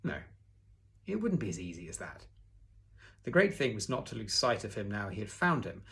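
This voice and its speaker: Low-voiced man reading a storybook aloud. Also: brisk, gravelly. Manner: expressive, with casual asides to the listener. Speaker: audiobook reader. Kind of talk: reading a children's novel aloud.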